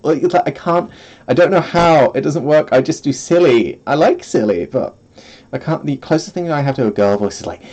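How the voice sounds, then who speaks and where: A male streamer at home who talks in a rambling, self-deprecating way and often laughs at himself. His voice is gravelly with a slight fry. His pitch swings up and down a lot as he chats. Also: lively intonation, a little fast, a little mellow. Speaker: vtuber streamer. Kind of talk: casual solo stream chat.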